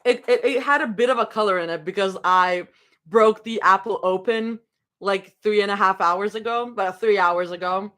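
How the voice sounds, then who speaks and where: A woman's voice: medium pitch, normal speed, a bit bright. A young woman streaming from home, chatting casually and rambling between snacks during a live reading. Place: home room.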